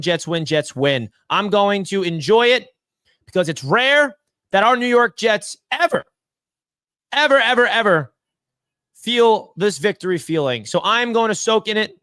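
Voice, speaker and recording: A man hosting a live fan watch party, calling the plays and shouting with excitement over big moments. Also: high-pitched, smooth, dry recording, studio quality. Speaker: fan channel host. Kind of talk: live play-by-play fan reaction.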